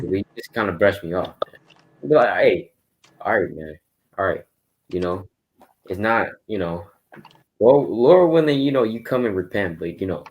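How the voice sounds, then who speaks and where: A man preaching casually in a Bible study, telling stories of his street outreach in quick bursts. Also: fairly low pitch. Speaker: Bible teacher.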